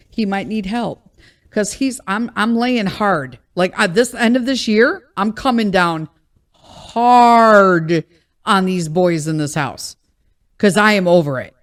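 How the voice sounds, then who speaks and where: A woman, hosting a podcast and venting bluntly in a casual, exasperated monologue, swearing freely. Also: mid-range voice. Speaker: podcast host.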